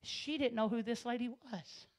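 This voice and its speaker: A woman from Arkansas, telling her life story as a church sermon, storytelling that swells into loud, passionate preaching. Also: fairly high pitch, normal speed. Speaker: guest speaker giving testimony. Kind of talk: Pentecostal sermon testimony. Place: church sanctuary.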